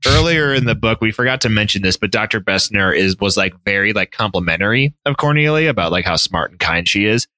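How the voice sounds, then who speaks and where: A man recaps a novel on his podcast in loose, casual chat, peppered with "like" and the odd curse. His voice is bright and forceful, recorded close and dry. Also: on the low side, animated, brisk, hardly any pauses, dry recording. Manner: casual, full of "like" and swearing. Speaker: podcast co-host.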